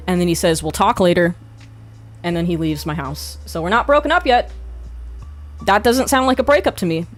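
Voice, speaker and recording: A young woman talking straight to her audience in a casual storytime vlog, blunt and full of swearing. Her pitch sits in the middle of the range, and faint music plays behind her. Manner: blunt and profane, with sarcastic asides. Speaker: video creator.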